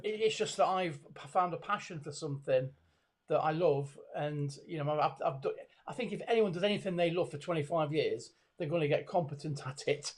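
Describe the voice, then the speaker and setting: A man's voice: fairly high pitch, a little fast. Hesitant middle-aged man on a video call. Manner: hesitant, many fillers and restarts. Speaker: body language expert guest. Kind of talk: conversational video call interview. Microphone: video call webcam.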